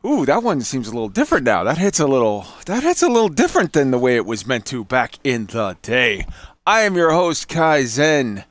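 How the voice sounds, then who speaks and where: A male podcast host chats loosely and jokingly with his guests. His pitch swings widely and the sound is dry and close, with no room in it. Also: a little fast, dry recording. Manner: loose, drinking and joking, lively swoops. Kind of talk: casual chat.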